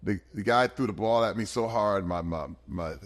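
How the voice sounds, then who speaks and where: A man in his fifties with a lowish voice, talking as a podcast guest. He tells his story earnestly and with feeling, and his voice swings up high and gets louder when he gets animated. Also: normal speed. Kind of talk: emotional personal storytelling.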